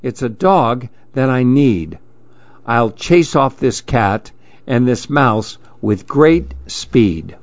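A man's voice: medium pitch, animated, slow pace, no echo, muffled recording. A man voicing Billy McGill, a fussy reclusive boy. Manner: fussy, exclaiming. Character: grumpy reclusive boy who wants to be alone.

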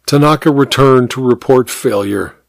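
A man narrating a mystery story in a measured, expressive reading. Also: mid-range voice, vocal fry, no room sound, studio quality.

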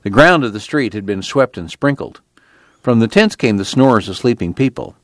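A man reading a novel aloud in steady, measured narration. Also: mid-range voice, dry recording, clean studio sound. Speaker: audiobook reader.

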